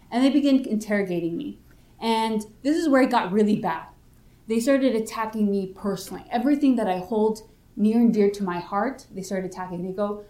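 A woman's voice: mid-range voice, normal speed, a little mellow. A young woman giving a personal faith testimony, telling her story and acting out what the other people said. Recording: roomy echo.

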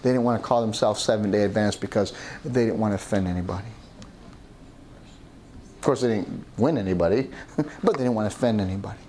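A man's voice: on the low side, quick pace, pauses often, warm tone, slight background noise. A middle-aged man preaching a sermon as pastor, often calling out "Amen?" to the congregation. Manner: call-and-response preaching, asking "Amen?".

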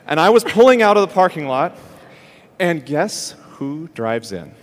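A man hosting a ministry program, telling a lively story and acting out what people said. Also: on the high side, measured pace. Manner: animated storyteller acting out quotes. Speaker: host. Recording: long hall reverb.

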